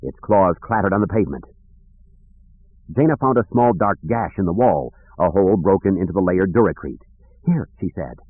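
A man reading an audiobook aloud in a measured, expressive storytelling manner. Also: deep voice, dry recording. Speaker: audiobook narrator. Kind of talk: scripted audiobook narration. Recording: tinny lo-fi audio, dry.

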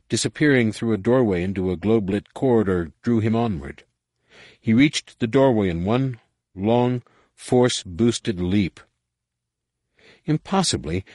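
A man reading a dramatic novel aloud in a measured storytelling manner. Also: lowish voice, darkish tone, slightly rough, no echo. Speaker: audiobook narrator. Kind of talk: scripted narration.

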